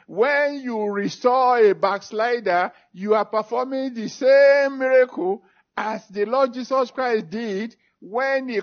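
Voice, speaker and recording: A man preaching a sermon, reading scripture, then making an altar call and praying. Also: creaky. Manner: emphatic preaching with big pitch swings, slow drawn-out phrases. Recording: dull lo-fi recording.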